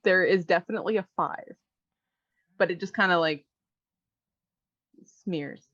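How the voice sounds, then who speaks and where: A woman's voice: on the low side, a little slow, fairly bright tone, dry recording. Woman game master on a dull dry mic. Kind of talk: narrating a tabletop game.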